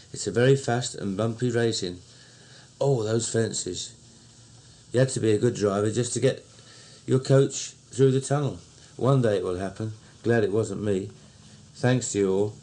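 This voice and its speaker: A man with a Cockney accent, slowly and fondly recounting old memories in a recorded diary. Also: lowish voice, darkish tone. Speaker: narrator.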